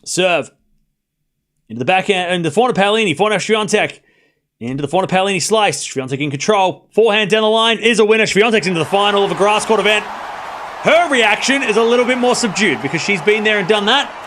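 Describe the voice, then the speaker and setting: Man, young adult, high-pitched, live tennis commentary, excitable, desk mic. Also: fast. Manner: excitable, swings from quiet mutter to shouting. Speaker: tennis watchalong streamer. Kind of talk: live play-by-play commentary to chat.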